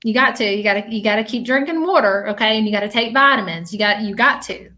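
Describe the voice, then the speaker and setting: A woman voicing the spirit of a late grandmotherly woman, gentle and reassuring, repeating herself as she urges. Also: medium pitch, quick pace, lightly acted. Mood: urging.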